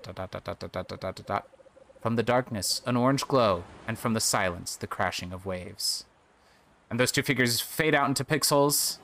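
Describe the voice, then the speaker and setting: A man's voice: fairly low pitch, fairly bright tone. A man casually commenting on a video game and reading its text aloud, chatty, with fillers and self-corrections.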